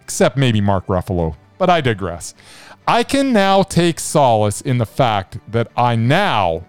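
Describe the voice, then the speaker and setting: A man's voice: medium pitch, big pitch swings, measured pace, clear, resonant tone, no echo, faint music behind. A man co-hosting a podcast, giving a sarcastic, comedic film review. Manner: sarcastic, wry. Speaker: podcast co-host.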